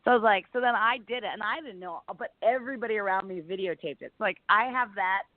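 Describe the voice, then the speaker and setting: A woman comedian from Delaware County tells lively stories in a casual radio chat. She keeps dropping "like" and acts out the people she quotes. Her voice comes through dry and narrow, like a phone line. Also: medium pitch, fast, no echo. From Delaware County, Pennsylvania. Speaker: comedian guest. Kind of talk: casual radio interview storytelling.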